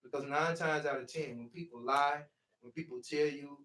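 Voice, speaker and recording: High-voiced man preaching in an echoey room. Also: normal speed, fairly bright tone. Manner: preachy, repeats "see" to drive points home. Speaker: healing speaker. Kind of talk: motivational talk. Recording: echoey room, voice far from mic.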